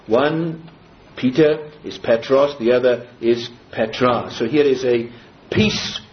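A man preaching an expository sermon, reading scripture slowly and emphatically and explaining it verse by verse. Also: medium pitch. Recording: dull lo-fi recording with faint hiss.

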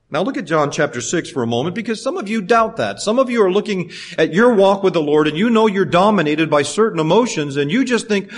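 A man delivers a sermon from the pulpit in a voice sitting a bit above the usual male range. He swings between raised, animated passages and hushed, drawn-out lines. He acts out the quoted voices as he goes. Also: a little high, husky. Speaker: preacher.

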